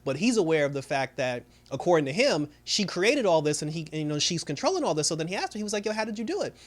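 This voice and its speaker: A man's voice: fairly high pitch, big pitch swings, fast. A man giving a casual recap of a TV episode, rambling along with many fillers. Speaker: TV show reviewer.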